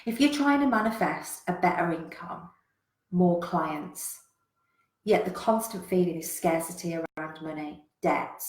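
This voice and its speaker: A woman business coach, giving a frank, animated motivational talk to a live chat and swearing freely. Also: lowish voice. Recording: roomy echo.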